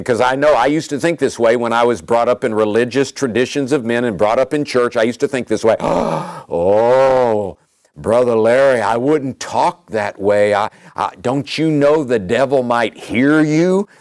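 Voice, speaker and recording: A male preacher delivers his sermon with emphatic, animated force and keeps driving points home by repeating them. His voice sits at an ordinary male pitch and is recorded close and dry, with no room sound around it. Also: no room sound.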